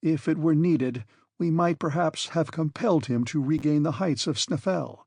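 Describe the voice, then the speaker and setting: A man narrating a classic adventure novel as an audiobook in a steady, measured way. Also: on the high side, husky, no echo, clean studio sound. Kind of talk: scripted narration.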